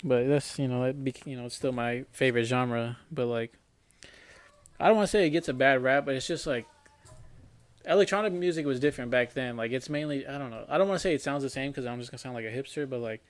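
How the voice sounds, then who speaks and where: A man's voice: medium pitch, fast. A young man in his twenties, a podcast co-host, telling stories in casual chat among friends, loose and profane, full of "like" and "bro", rambling with many restarts.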